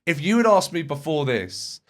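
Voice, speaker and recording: A man's voice: on the high side, big pitch swings, normal speed. Affirming male podcast interviewer. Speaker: podcast host.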